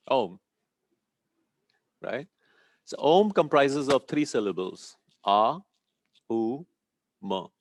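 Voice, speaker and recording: A man leading a group in a meditation and chanting lesson, speaking calmly, giving steps and checking in often with "okay?". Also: medium pitch, dry recording. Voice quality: sweating, a little warm. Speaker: meditation teacher. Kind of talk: guided breathing and chanting lesson.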